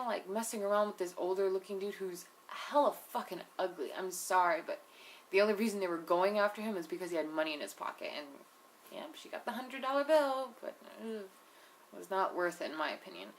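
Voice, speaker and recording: A woman's voice: mid-range voice, expressive, brisk, a little hiss or hum. A young woman giving a casual, opinionated recap of a reality show episode, profane and full of "like" and "you know". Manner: blunt, opinionated asides. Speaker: TV episode reviewer.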